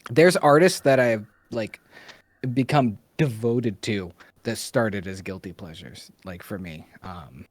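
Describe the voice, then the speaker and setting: Low-voiced, joking, swearing man. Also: slow pace. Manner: loose, swears freely, jokey. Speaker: podcast co-host. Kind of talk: casual chat.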